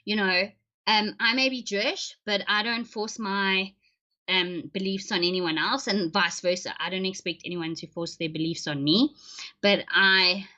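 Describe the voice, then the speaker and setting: A woman's voice: mid-range voice, fairly even intonation, unhurried, sharp tone. A woman chatting casually with viewers on her livestream, joking and laughing often. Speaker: livestream host. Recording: dull lo-fi stream audio.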